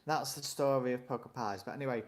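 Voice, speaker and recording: A man's voice: medium pitch, quick pace. Guy rambling through a story on a live stream, chuckles a lot, ordinary mid voice. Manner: rambling anecdotes, chuckles often. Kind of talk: casual storytelling chat.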